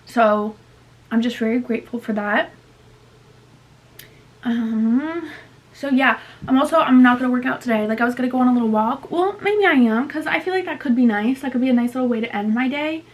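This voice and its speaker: A young woman in her twenties talks straight to camera in a loose, rambling vlog. Her voice sits a little high, and her chat runs on with constant fillers and self-corrections. She sounds worn out and low on energy. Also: a little fast. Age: 20s. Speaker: vlogger.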